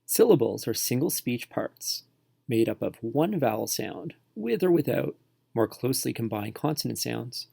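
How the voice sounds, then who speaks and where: Gravelly, dry-voiced male teacher. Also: medium pitch, big pitch swings, warm tone, no room sound. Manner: slow, clearly enunciated, sounding words out. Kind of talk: instructional tutorial narration.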